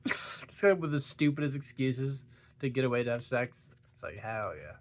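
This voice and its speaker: A man's voice: medium pitch, brisk, a little mellow, a little hiss or hum. A tired, yawning young man talking casually about a book, rambling with stumbles and giggles. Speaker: book reviewer. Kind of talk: casual book talk vlog.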